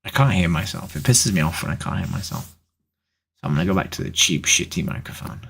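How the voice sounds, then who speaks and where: A woman's voice: extremely low pitch, expressive, fast talker, vocal fry, slightly rough. A woman streaming from home in casual live-stream chat, talking to herself between strangers and swearing freely. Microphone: desk microphone.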